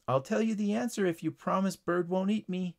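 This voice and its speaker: A man's voice: high voice, brisk, vocal fry, darkish tone, voice pushed up. A man voicing a timid little female ladybug in a storybook reading, with a small, pleading voice.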